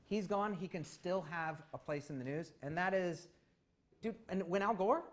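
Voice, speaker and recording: A woman's voice: on the low side, normal speed. A woman from Ohio co-hosting a casual post-debate chat. She is opinionated and uses casual slang, restarting her sentences often. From Ohio, United States. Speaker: co-host of a post-debate commentary show.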